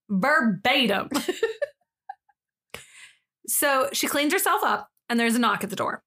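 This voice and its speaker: Higher-pitched woman co-hosting a casual podcast. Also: a little slow, vocal fry. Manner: animated retelling with slang and frequent laughter. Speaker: podcast co-host. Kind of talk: casual storytelling, reading a thread aloud.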